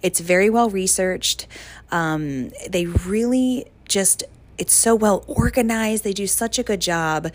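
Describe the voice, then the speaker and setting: A woman's voice: mid-range voice, takes it slowly. A young woman hosting a casual solo podcast, chatty and gushing with lots of fillers. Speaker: podcast host.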